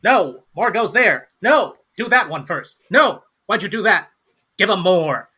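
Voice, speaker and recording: A man's voice: sits high, very animated, unhurried, sharp tone, breathy edge, voice pushed up, full character voice. A man doing a showy, archaic-talking gnome barkeep. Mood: bossy. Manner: mock-old-fashioned, showman-like phrasing. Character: fussy, theatrical gnome barkeep, archaic talk.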